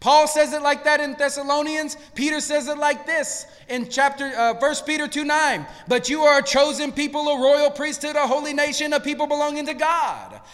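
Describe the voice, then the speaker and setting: A male pastor delivers a sermon in a very high, bright voice. He moves between quiet, low passages and loud, shouted peaks. The long reverb of a large sanctuary trails every phrase. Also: fairly even intonation, moderate pace, hardly any pauses. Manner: preaching with swings between hushed and shouted lines. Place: church sanctuary.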